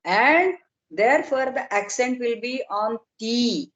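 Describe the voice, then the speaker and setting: A middle-aged woman lecturing on a video call, explaining slowly and carefully and drawing out technical terms. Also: on the high side, animated, a bit bright, rough recording. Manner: measured, explanatory, slow on terms. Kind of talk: online academic lecture.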